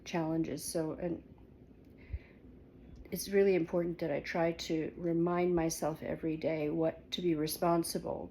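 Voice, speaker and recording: A woman's voice: low voice, flat delivery, normal speed, warm tone, slight background noise. A woman casually talking through her home kitchen in a rambling, hesitant vlog, with many fillers and restarts. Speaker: vlogger.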